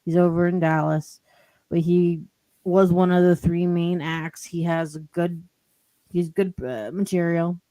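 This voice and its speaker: A woman's voice: on the low side, fairly even intonation, unhurried, dark tone, no echo. Rambling woman telling a story. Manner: rambling, with lots of "like" and "you know". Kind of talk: casual storytelling.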